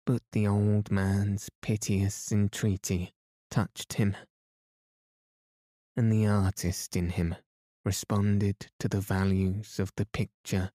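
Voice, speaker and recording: A man narrates a bedtime story in a slow, soothing reading. His voice is low and warm, with a flat, even melody, recorded close and dry. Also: no echo.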